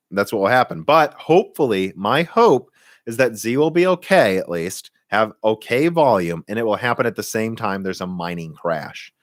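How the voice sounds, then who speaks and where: Lowish and a bit bright, the voice belongs to a young Minnesotan with a Midwestern American accent found across Minnesota, Michigan and central Illinois. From a home room he answers live-stream viewer questions in opinionated quick bursts, restarting and laughing. The recording is dry and of studio quality.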